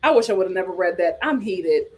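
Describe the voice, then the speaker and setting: A woman with a lowish voice talks very fast as host of a casual commentary show. Reading articles and viewer comments aloud, she reacts outspokenly and exclaims often.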